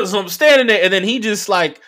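A man who is a stand-up comedian and podcast host telling a profane, animated story full of fillers. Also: sits high, normal speed. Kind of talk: casual storytelling monologue.

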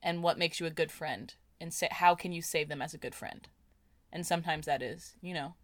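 A young woman co-hosting a podcast, talking books in a lively, jokey way. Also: low voice, brisk, very noisy. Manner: lively, jokey, animated book talk. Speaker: podcast co-host. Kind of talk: casual chat.

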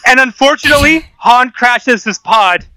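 A man co-hosting a casual podcast chat, joking and telling animated stories. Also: very high-pitched, moderate pace, dry recording. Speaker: podcast co-host.

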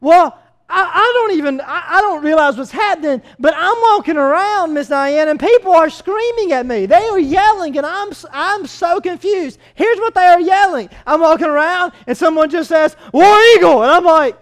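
A man's voice: very high voice, animated, moderate pace. A man preaching a sermon as pastor, telling stories in a conversational way with frequent fillers. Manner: conversational storytelling with hesitant fillers.

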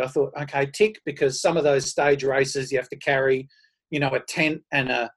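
A man, telling his running stories in a casual, self-deprecating and animated way. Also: a little high, fairly quick. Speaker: podcast guest, runner. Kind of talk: casual storytelling.

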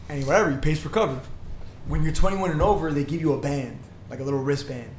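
A young man co-hosting a podcast, telling a story in a casual, animated way, full of swearing, acting out the people in it. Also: a little high, quick pace, echoey room, a little hiss or hum. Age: young adult. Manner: animated, swearing, acts out bouncers. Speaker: podcast co-host.

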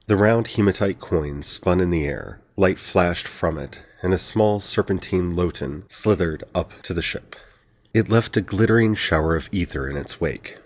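A man narrating a fantasy audiobook in an even, steady reading. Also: deep voice, normal speed.

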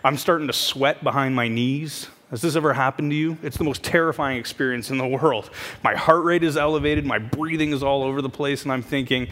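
A man telling a funny story from his own life in a sermon, self-mocking and animated. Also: medium pitch, brisk. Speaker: preacher. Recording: hall reverb with faint background noise.

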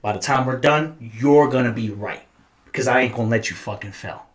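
A man's voice: mid-range voice, a little fast. A man in his thirties, a podcast host, telling stories in casual, profane, slangy chat. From United States.

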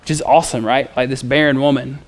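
A man's voice: mid-range voice, fairly even intonation, fast. A man preaching a sermon in a casual, conversational way. He reads scripture aloud and mixes in playful asides and fillers. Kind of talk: expository sermon.

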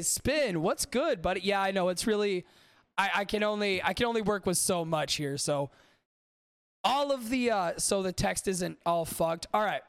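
A man hosts a podcast in loose, rambling banter and swears freely. His voice is high for a man and gravelly. The sound is close and dry. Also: a bit bright, no room sound. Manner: rambling, swears freely, talks to live chat. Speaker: podcast host. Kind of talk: casual profane chat.

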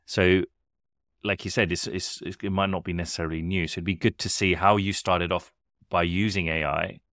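A man's voice: low-pitched, steady tone, normal speed, fairly bright tone, no room sound, clean studio sound. A man hosting a podcast, asking long, loosely framed questions with repeated words and restarts. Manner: rambling, repeats words while framing questions. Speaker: podcast host. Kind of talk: interview questions.

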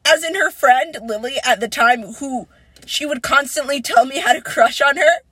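A young woman in casual chat, telling a story with strong emotion, swearing freely and rising into near-crying shouts. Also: high voice, normal speed, no echo, poor audio.

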